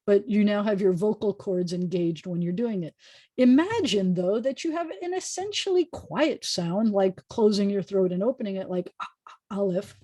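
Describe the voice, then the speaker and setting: A woman's voice: medium pitch, mellow, dry recording. An American woman rabbi leads a beginner Hebrew lesson over a video call. She is patient and chatty, repeating sounds aloud for her students. Her voice sits in a middle register and comes through dry and close on a desk microphone. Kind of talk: online language lesson.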